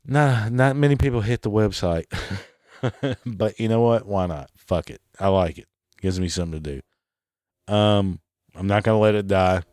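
A man's voice: lowish voice, normal speed, long pauses, darkish tone, no echo, studio quality. A man hosting a solo podcast, ranting sarcastically and swearing often. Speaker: podcast host.

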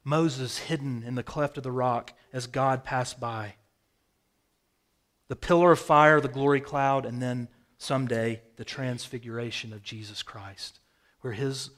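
A man preaching a sermon, telling vivid stories with sudden swings from loud bursts to quiet, hushed phrases. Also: mid-range voice. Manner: storytelling, dramatic swings in loudness. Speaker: pastor. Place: rural home with a hayfield.

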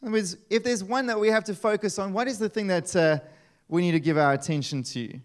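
Lively pastor preaching. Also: male voice, sits high, fast. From South Africa. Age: 30s. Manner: lively and conversational, with frequent asides and rhetorical questions. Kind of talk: sermon.

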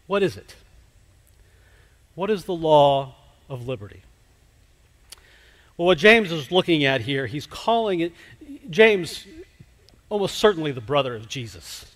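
A man preaching a sermon, slow and emphatic, dropping to a hush at key words. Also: mid-range voice. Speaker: pastor. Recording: long hall reverb.

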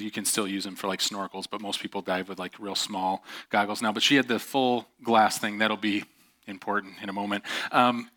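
A middle-aged man preaches from the pulpit, opening his sermon with a long story. His voice is bright and forceful, sitting at an average pitch. He is animated and self-mocking, and he keeps laughing at his own tale. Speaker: pastor.

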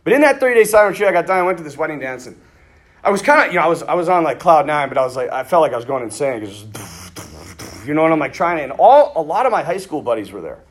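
A middle-aged priest giving a conversational sermon, telling stories and acting out bits of dialogue. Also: male voice, on the high side, rapid-fire. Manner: conversational, animated, acts out quoted dialogue. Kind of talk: sermon with storytelling.

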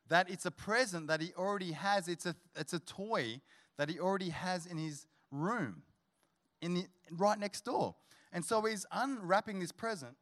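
Male guest preacher, slightly high voice, humorous storyteller who ramps up to rousing exhortation. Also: a bit bright. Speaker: guest pastor. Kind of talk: sermon. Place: church service.

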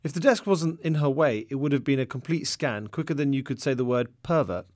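A man reading his own book aloud in first-person narration, telling the story in a lively way. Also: mid-range voice, fairly quick, few pauses, no room sound. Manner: lively storytelling with voiced dialogue. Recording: very dry, close recording.

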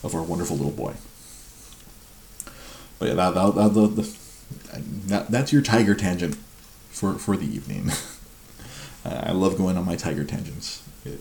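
Host: deep man, mellow and gravelly, rambling, chuckling and stammering in a roomy echo. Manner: rambling, laughs often, stammers and repeats words. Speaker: livestream show host. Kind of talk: casual chat. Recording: roomy echo with faint noise.

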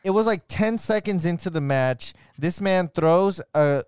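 A young man hosting a casual podcast chat, excitable and slangy, full of "bro" and exclamations. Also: high voice, unhurried, clean tone, dry recording, clean studio sound. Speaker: podcast co-host.

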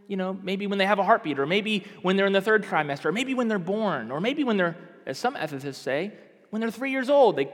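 A man with a high, bright-pitched voice preaches with fervor, pressing his points hard and climbing to emphatic peaks. His voice carries a long reverb, as if heard in a large hall. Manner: impassioned, rising to emphatic outbursts. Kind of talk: sermon.

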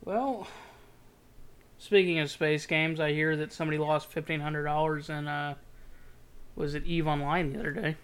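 Male co-host, lighter clear voice, relaxed and jokey, on a call. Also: on the high side, normal speed, pauses often. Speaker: podcast co-host. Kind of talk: casual chat. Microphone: online call.

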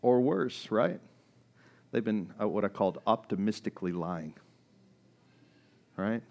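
A male pastor giving a sermon in a conversational way, often dropping his voice low for emphasis. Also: sing-song, measured pace, long pauses, darkish tone. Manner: conversational preaching with sudden drops in volume; acts out quoted voices in reading.

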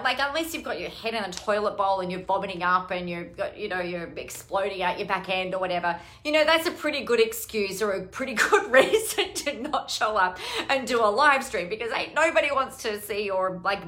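A woman's voice: mid-range voice, sharp tone. A middle-aged woman coach talking casually on a live stream, chatty and rambling, with some casual swearing. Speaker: online business coach.

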